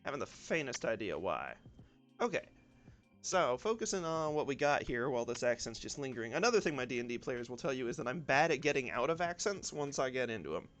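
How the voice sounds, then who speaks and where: Faint lo-fi music sits under the voice of a medium-pitched man from the southern United States with a light Southern accent. He chats casually while drawing on a live stream, rambling and relaxed, muttering to himself with plenty of ums and y'alls.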